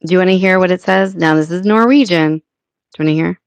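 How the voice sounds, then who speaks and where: An American woman hosting a casual live chat with her viewers, thinking aloud and filling pauses as she works things out. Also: on the low side, smooth, dry recording. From United States. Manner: chatty, thinking aloud with many fillers. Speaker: livestream host.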